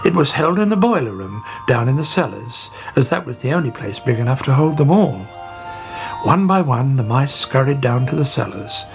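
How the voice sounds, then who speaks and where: Woman storybook narrator, expressive, gentle pacing, music behind. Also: very deep voice, moderate pace, vocal fry.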